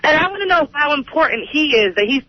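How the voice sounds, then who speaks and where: A woman's voice: high voice, expressive, quick pace. A woman calling in to a radio show, telling an emphatic story. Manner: emphatic, chatty. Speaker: caller. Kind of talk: call-in chat. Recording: radio phone line.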